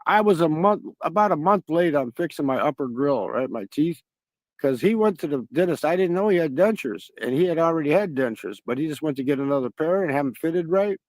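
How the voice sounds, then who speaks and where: A man's voice: a little high, lively intonation, a little fast, a little mellow, dry recording. A man hosting a stream, telling rambling, profane stories in casual chat. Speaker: stream host.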